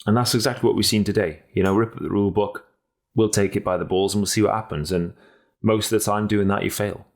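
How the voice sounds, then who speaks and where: Sex: man. Role: podcast co-host and cycling pundit. Style: casual podcast chat. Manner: blunt, energetic, swears freely, restarts a lot. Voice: very low pitched. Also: fast.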